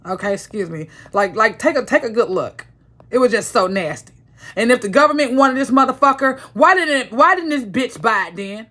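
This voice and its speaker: Woman with a bright, sharp voice. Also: a little high, lively intonation, normal speed. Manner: profane, rambling, heated. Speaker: vlogger. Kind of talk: casual storytelling vlog.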